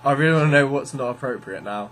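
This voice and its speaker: A man's voice: mid-range voice, quick pace, a bit bright, slight background noise. Laid-back male host teasing his guest. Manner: laid-back, teasing questioner who laughs easily. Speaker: podcast host. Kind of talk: casual interview.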